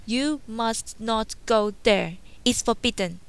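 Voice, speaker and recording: Woman voicing a gruff storybook beast, stern and commanding, slow deliberate delivery. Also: a little high. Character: huge ugly male beast, gruff and commanding. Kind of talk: storybook read-aloud.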